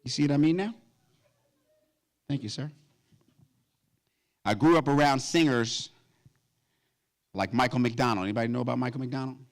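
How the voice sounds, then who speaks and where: A man in his fifties performing a stand-up comedy routine at a gala, animated and breaking into high falsetto song snippets. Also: normal speed, long pauses. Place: event stage before a live audience.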